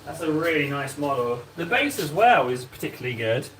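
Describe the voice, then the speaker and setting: A man streaming as he paints miniatures, talking loosely to his chat. His voice sits a little high for a man and bounces around a lot as he jokes and teases himself. There is a faint hiss under his voice. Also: big pitch swings, a little fast, fairly bright tone. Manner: joking, self-mocking, bantering with chat. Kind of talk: casual livestream chat while painting miniatures.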